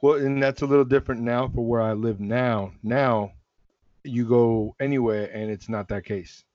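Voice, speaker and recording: A man hosting a casual sneaker chat, relaxed and rambling, often restarting his sentences. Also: mid-range voice, moderate pace, no room sound, muffled recording. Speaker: sneaker podcast host.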